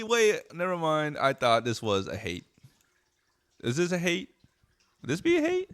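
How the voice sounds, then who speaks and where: A man's voice: lowish voice, fairly bright tone. Blunt, profane male streamer. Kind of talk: music reaction commentary.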